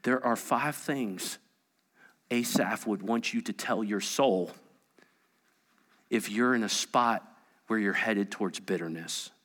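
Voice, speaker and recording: A man's voice: on the low side, slow pace, pauses often. A man preaching a sermon, reading scripture aloud and adding conversational asides, dropping at times to a whisper. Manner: dramatic, swings from loud to whispered; conversational asides with rhetorical questions. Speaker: pastor.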